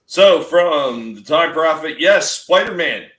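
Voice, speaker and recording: A man's voice: on the high side, expressive, slow pace, fairly bright tone. A man hosting a podcast, talking bluntly and profanely, reading out chat comments. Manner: blunt, profane, laughs often. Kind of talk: casual chat. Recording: roomy echo.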